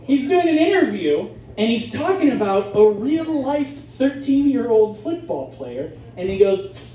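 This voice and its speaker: A man performing stand-up, his high voice leaping all over as he tells stories and slips into comic voices. He is heard from a distance in a roomy club. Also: a little slow. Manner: animated storytelling with comic voices. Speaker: stand-up comedian. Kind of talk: stand-up comedy set. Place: comedy club stage.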